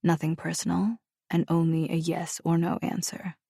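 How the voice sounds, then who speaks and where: A woman reading the lines of a brooding, commanding man who speaks in a calm, teasing, cryptic way. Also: fairly low pitch, normal speed, vocal fry, breathy edge, dry recording, clean studio sound.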